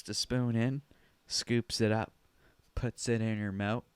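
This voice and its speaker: A man hosting a podcast, telling a comic story in an animated, profane way with sudden shouted bursts. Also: fairly low pitch, moderate pace, clear, resonant tone, dry recording. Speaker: podcast host. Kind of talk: comedic storytelling monologue.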